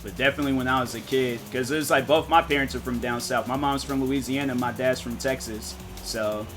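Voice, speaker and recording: A man's voice: mid-range voice, steady tone, fairly quick, over music. A man streaming a game, chatting casually with viewers and rambling as he thinks aloud, often restarting his sentences. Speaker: gaming streamer.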